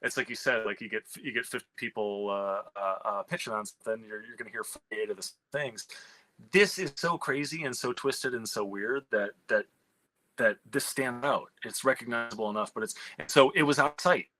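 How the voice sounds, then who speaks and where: Bright, animated man telling stories. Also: medium pitch, brisk, no room sound, poor audio. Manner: animated, profane, many restarts. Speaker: screenwriter and comic writer. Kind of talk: candid conversational storytelling.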